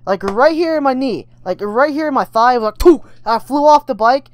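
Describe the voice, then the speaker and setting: A woman's voice: high voice, expressive, moderate pace. A woman telling a casual story-time vlog, rambling and checking in with "right?" as she goes. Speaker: vlogger.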